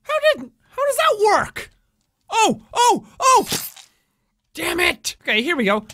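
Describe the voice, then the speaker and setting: A man giving loud, excitable let's-play commentary, shouting, swearing and joking as he plays. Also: extremely high pitch, slow, pauses often. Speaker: gaming video host. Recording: noisy recording.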